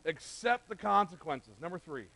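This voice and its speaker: A man's voice: sits high, lively intonation, moderate pace, gravelly, sharp tone, low-quality recording. A middle-aged man preaching a sermon in a conversational, direct way, speaking straight to the men in the room. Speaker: pastor. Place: church sanctuary.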